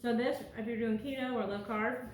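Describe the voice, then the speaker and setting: A woman's voice: on the high side, fairly even intonation, fairly quick, echoey room, slight background noise. A woman hosting a casual cooking show from her home kitchen, chatty and laughing often. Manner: chatty, laughs often, talks with mouth full. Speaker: host.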